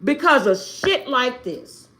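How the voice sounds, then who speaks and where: An agitated woman vents on a phone livestream, close to tears. Her fairly high voice leaps between loud outbursts and hushed, pleading prayers, with a very lively swing in pitch. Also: slow pace. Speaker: livestream host. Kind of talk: emotional livestream rant.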